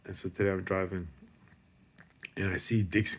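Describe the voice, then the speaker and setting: A man's voice: sits low, little pitch movement, moderate pace, long pauses, slightly rough. A man giving a rambling, profane pep talk in a casual monologue. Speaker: motivational speaker.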